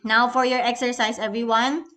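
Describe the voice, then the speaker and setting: A woman's voice: a little high, little pitch movement, moderate pace, pushed and bright. A young woman with a Filipino accent teaching an English lesson in a recorded class, patient and instructive, often addressing the class as everyone.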